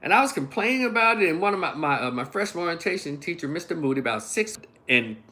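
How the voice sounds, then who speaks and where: A man in his fifties telling a story on a casual livestream, animated, laughing, blunt and profane. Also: a little high, fast. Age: 50s. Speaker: online commentator.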